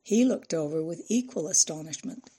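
Lady reading a novel aloud, calm and expressive, kinda low. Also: normal speed, breathy edge. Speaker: audiobook narrator. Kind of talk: scripted narration.

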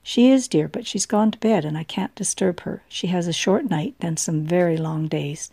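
A woman reading an elderly woman's lines in a storybook reading, speaking with a gently teasing, knowing manner. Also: lowish voice, normal speed, creaky, no echo. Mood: warm. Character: elderly woman, warm and wry, fond of her friend.

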